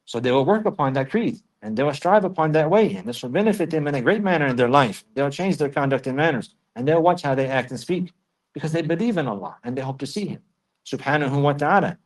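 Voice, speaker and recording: Guy teaching a religious text, talks really fast, slightly high voice, recites verses then explains. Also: lively intonation. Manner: repeats phrases for emphasis. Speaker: Islamic teacher.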